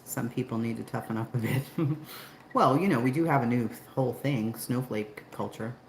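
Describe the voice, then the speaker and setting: A woman hosting a casual livestream from home, chatting with viewers and laughing often, then coaxing her dogs inside in a high voice. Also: normal speed. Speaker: livestream host. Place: at home, indoors. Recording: very echoey room with background noise.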